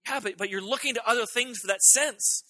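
A man's voice: extremely high pitch, fairly quick, sharp tone, no echo. A man preaching a sermon in a conversational way, often restarting words and acting out the lines of God and of his listeners. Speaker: pastor.

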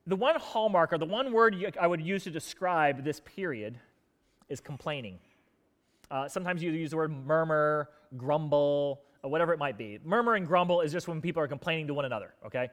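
A man preaching in church with a high-pitched, lively delivery. He tells stories with energy and acts out complaining crowds in quoted voices, his volume swinging between loud outbursts and quiet asides. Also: brisk, in a large hall. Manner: animated storytelling, acting out grumbling crowds in quoted voices. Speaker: pastor. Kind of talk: sermon.

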